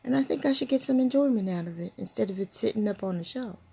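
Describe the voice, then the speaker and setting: A woman voicing an elderly friend who gives folksy, unhurried advice. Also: mid-range voice, expressive, gravelly, warm tone, slightly rough. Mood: fond, wise. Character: elderly woman friend, wise and gently teasing.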